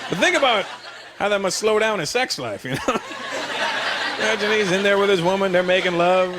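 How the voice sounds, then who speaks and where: A man doing stand-up on a stage before a big audience, his voice high and swinging widely as he tells stories. Roaring laughter and crowd noise fill the room. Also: fairly quick. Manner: animated, storytelling with voices. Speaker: stand-up comedian. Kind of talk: stand-up comedy set. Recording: live show with loud audience laughter.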